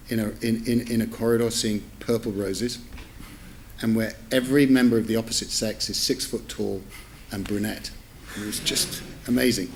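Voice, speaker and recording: A man's voice: lowish voice, slight background noise. A middle-aged man telling an amused, rambling anecdote at a public lecture, correcting himself and adding asides. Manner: chatty, self-interrupting, amused asides. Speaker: newspaper editor giving a public lecture. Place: lecture theatre with audience.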